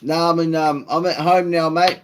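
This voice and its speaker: Kiwi-accented man, slightly higher voice, relaxed live-stream host who swears freely and reads out chat, faint noise behind. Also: normal speed. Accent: New Zealand. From New Zealand. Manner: laid-back, swears freely, reads out viewer comments.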